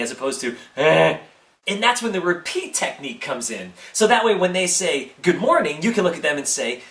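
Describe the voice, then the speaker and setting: A man hosting a comedic tips video, animated and acting out silly example replies. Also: on the high side, far from the mic. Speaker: host. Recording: echoey room.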